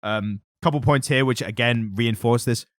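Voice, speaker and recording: A man co-hosting a podcast, chatting casually about a comic with quick asides and self-interruptions. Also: medium pitch, fairly bright tone, no echo, studio quality. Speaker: podcast co-host.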